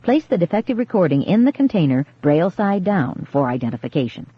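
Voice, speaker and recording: Woman narrator, lowish husky voice, dull dry 1980s cassette studio sound. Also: big pitch swings, dry recording. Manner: measured, dramatic reading. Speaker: audiobook narrator. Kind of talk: scripted narration. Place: recording studio.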